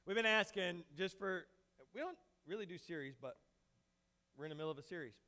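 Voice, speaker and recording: A man preaches from the pulpit with a handheld microphone, talking to his congregation in a loose, joking way. His voice is bright and forward and sits somewhat high for a man. He keeps it conversational rather than booming. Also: lively intonation, fairly quick. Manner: casual, joking, talks straight to the congregation. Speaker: pastor. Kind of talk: conversational sermon.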